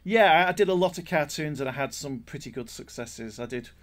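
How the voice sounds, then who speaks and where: Male co-host from Britain, somewhat high voice, casual, stammering restarts, wry and self-deprecating. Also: expressive, fairly quick, a bit bright. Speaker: cartoonist and podcast co-host. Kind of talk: casual podcast chat.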